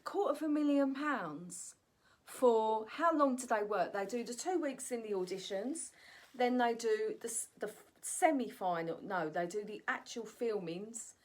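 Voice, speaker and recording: A woman's voice: on the high side, lively intonation, unhurried. A woman vlogging in a chatty, ranting monologue, often tossing in "right?" asides. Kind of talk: casual opinion monologue.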